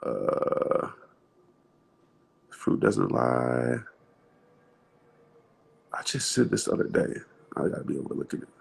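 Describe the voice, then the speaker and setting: A man's voice: rumbling low, wildly swooping pitch, brisk, gravelly, husky. A man in his thirties hosting a casual live stream from his phone, chatting loosely, laughing often and reading out short motivational lines. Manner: laid-back, chatty, laughs often, reads his own quotes aloud. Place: outdoors in wind.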